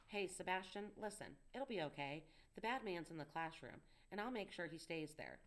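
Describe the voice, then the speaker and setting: Young male tutor, coaxing and urgent, read by a woman in a low voice. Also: animated, moderate pace. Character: young male student tutor, earnest, protective. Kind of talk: audiobook dialogue reading.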